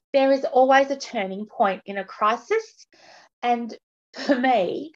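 Woman candidly recounting, lo-fi audio. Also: on the high side. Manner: candid, halting, restarts sentences often. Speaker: guest. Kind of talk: personal interview.

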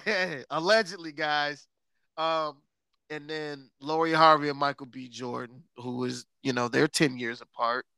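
A man hosting a podcast in casual chat, sarcastic and quick to laugh, stretching words for emphasis. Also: a little high, steady tone, gravelly, pushed and bright, clear, resonant tone, dry recording. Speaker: podcast host.

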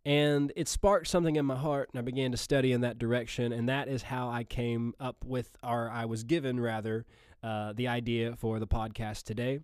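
A man's voice: mid-range voice, fairly even intonation, normal speed, a little mellow, clear, resonant tone, no echo, clean studio sound. A man with a Southern Missouri accent, hosting a podcast and preaching in a casual, earnest way full of fillers and restarts.

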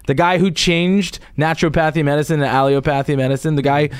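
A man's voice: a little high, steady tone, brisk, clear, resonant tone, no echo, clean studio sound. A man hosting a casual political commentary show, rambling with many restarts and frequent chuckles. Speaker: show host presenting a topic.

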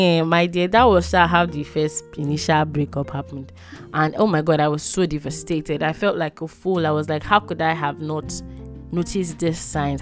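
A young Nigerian woman hosting a podcast, telling a personal story with lively, emotional exclamations. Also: on the low side. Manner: animated, emotional storytelling with frequent laughs and exclamations. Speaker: podcast host.

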